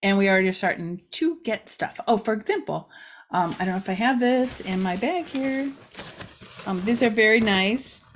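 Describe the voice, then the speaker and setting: A woman's voice: mid-range voice, a little hiss or hum. A middle-aged woman hosting a casual community update for a local news site, chatty and rambling with many fillers.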